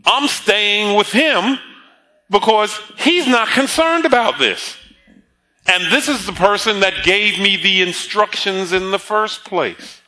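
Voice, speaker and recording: A man's voice: sits high, animated, takes it slowly, sharp tone. A man preaching a sermon, telling the story with frequent laughs and acted-out quotes. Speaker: pastor.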